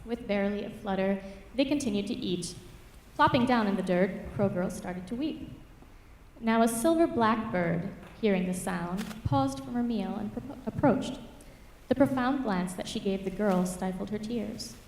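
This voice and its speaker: A woman mentor reading her own rhyming fable aloud at a public reading, with rhythmic, expressive storytelling. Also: mid-range voice, moderate pace, a little hiss or hum. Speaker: writing mentor. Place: church hall at a public reading. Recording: echoey church hall from far off.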